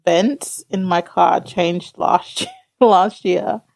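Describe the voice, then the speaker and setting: A woman's voice: fairly low pitch, takes it slowly, vocal fry, darkish tone. A woman co-hosting a podcast, chatting casually with short, laid-back replies. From Australia. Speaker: podcast co-host. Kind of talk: casual chat.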